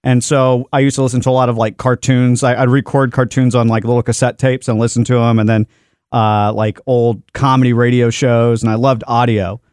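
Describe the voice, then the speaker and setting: A man's voice: medium pitch, flat delivery, brisk, a little mellow, smooth, no echo. A man from Dallas, Texas, a studio owner chatting as a podcast guest in a studio, easygoing and making self-deprecating jokes. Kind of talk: casual podcast interview.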